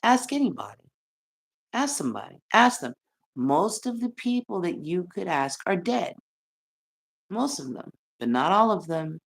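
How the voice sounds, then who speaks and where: American woman, low gravelly voice, brash and profane livestream rant. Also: very animated, a little slow. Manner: brash, profane, laughs often, swings loud and soft. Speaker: livestream host.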